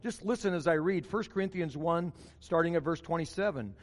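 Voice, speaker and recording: A male pastor delivers a sermon with emphatic repetition, driving his points home. His voice sits high for a man, and it rings out with a long reverb from the church sanctuary around him. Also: fairly quick, hardly any pauses. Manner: emphatic, repeats key phrases for stress.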